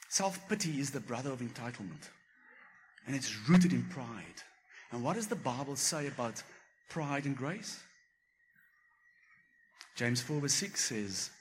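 A man's voice: mid-range voice, a little hiss or hum. A man preaching a sermon, telling a personal story and acting out the voices he quotes. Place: church.

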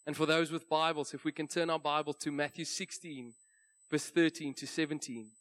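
Casting: South African male pastor, slightly higher voice, chatty sermon storyteller in a church. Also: steady tone, normal speed, a bit bright. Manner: conversational storytelling, light laughs.

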